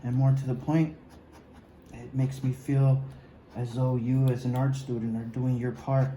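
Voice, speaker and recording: Art teacher, male, encouraging, keeps saying "okay, guys", very dark tone, echoey room. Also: medium pitch, little pitch movement, measured pace, slight background noise. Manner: talks while drawing, often drops to a mumble. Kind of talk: recorded drawing lesson.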